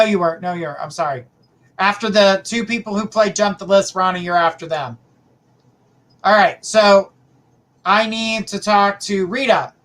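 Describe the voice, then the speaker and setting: Man, high voice, middle-aged, chatty livestream host, affectionate, casual. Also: fairly bright tone. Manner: chatty, affectionate, calls viewers sweetheart and honey. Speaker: psychic reader, livestream host. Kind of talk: casual live-stream chat reading viewer questions.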